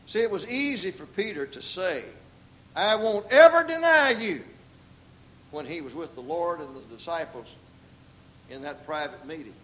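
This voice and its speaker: An older man from the American South preaches dramatically, acting out the voices he quotes with big pitch leaps. His intonation is lively, his speed normal and his tone a bit bright. The recording is rough, with slight background noise.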